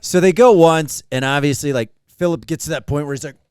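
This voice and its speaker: A man's voice: fairly high pitch, brisk, clear, resonant tone, no echo, clean studio sound. A young man co-hosting a podcast, telling stories casually with lots of swearing and acted-out quotes. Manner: animated storytelling, swearing, acts out quotes. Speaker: podcast co-host. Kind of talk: casual chat.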